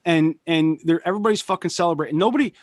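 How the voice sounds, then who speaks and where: A man's voice: on the high side, racing, dry recording, clean studio sound. A man, a punk musician guesting on a podcast, talking casually and rambling, swearing often and losing his thread. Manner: profane, rambling, loses his train of thought. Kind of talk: casual chat.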